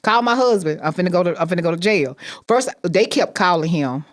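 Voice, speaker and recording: A woman's voice: fairly low pitch, lively intonation, brisk. A woman telling a personal story with emphatic repetition, acting out the people she quotes. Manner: emphatic, repeats phrases, acts out quoted voices.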